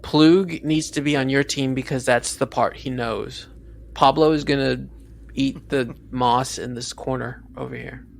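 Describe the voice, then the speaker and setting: A man's voice: mid-range voice, fairly even intonation, unhurried, creaky. A man chatting playfully as a player in a tabletop game. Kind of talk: casual tabletop game chat.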